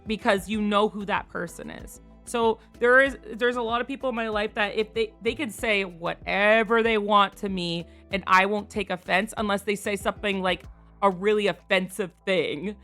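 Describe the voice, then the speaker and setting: A woman streamer chatting casually on a live stream, frank and quick to laugh, swearing freely. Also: mid-range voice, steady tone, fairly bright tone, faint music behind.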